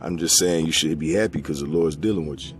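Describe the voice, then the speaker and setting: A low-pitched man delivers a blunt, profane sermon, climbing sharply when he drives a point home. He drops into a quiet, subdued voice for scripture readings. Faint music plays underneath. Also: quick pace. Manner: reads scripture in a lower, quieter voice. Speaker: preacher.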